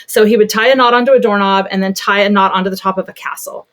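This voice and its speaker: A woman pediatric therapist telling a story in a casual podcast conversation, animated and chatty. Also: mid-range voice, quick pace.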